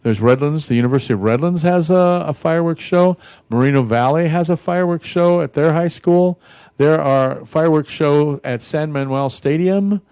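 A man's voice: a little high, normal speed, a little mellow, smooth, no echo. A man hosting a casual radio talk show, rambling in a folksy way with many fillers and restarts. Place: radio studio.

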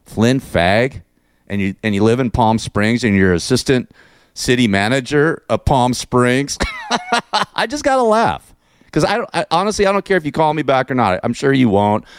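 A man's voice: medium pitch, sing-song, moderate pace, smooth, dry recording, studio quality. A man hosting a talk radio show, ranting in a mocking, profane way and laughing at his own jokes.

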